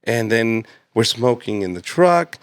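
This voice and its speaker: A man's voice: medium pitch, sing-song, unhurried, clean tone, no room sound, studio quality. A man in his late thirties, a comedian guest telling casual, profane stories and laughing often. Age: 30s. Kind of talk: casual storytelling.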